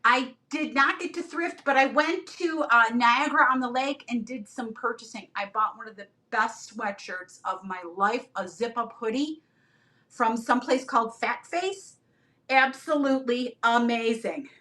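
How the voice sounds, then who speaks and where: A middle-aged woman hosting a live-stream sale. She chats and rambles through stories and greets viewers by name. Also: fairly high pitch. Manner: animated, rambling storyteller who talks to viewers by name. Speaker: live-stream reseller host. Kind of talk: chatty live-stream selling.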